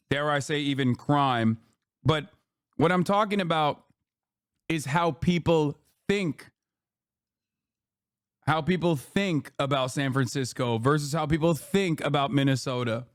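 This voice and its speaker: A man's voice: a little high, smooth, no echo, clean studio sound. Sarcastic, swearing male streamer. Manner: incredulous, sarcastic, swears often. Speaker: streamer reacting to news clips. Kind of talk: casual profane commentary.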